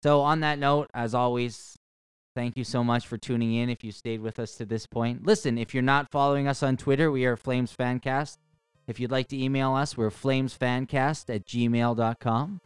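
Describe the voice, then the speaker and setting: A man co-hosting a casual sports podcast, bantering in a relaxed way on a close mic. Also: medium pitch, moderate pace, clean tone, dry recording. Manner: relaxed banter, rising to an energetic sign-off. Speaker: podcast co-host.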